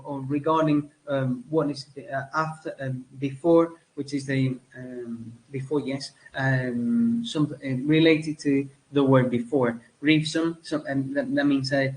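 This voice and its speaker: A man from Spain teaching a lesson, with many fillers, pauses and self-corrections. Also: medium pitch, rough recording. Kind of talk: spoken lecture.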